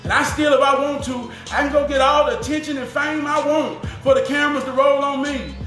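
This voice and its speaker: A man's voice: very high voice, steady tone, a little fast, sharp tone, roomy sound, soft background music. A man giving a fiery, profane, preaching rant to the camera.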